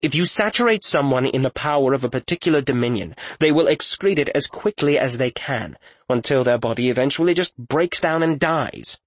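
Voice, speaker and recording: A man's voice: medium pitch, expressive, brisk, dry recording, lightly acted. A man voicing a wry, practical thinker. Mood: musing. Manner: dry, wry remarks. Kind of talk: audiobook character voice.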